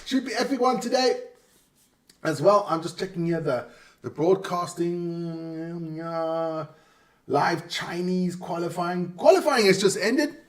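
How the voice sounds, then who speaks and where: A man's voice: high-pitched, slow pace, distant mic. A man hosting a live stream alone, chatting casually and stumbling over hard player names.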